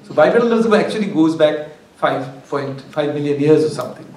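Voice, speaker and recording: A man's voice: on the high side, lively intonation, brisk, a little mellow. Man lecturing in an echoey hall. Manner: discursive, restarts phrases, wry asides. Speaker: guest lecturer. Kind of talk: academic lecture. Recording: echoey hall, far from mic, faint ambience.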